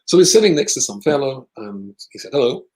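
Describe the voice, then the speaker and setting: A man with a British accent, a rabbi telling a long personal story in conversation, with lively asides. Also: medium pitch, brisk, rough recording. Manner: animated anecdotal storyteller with asides.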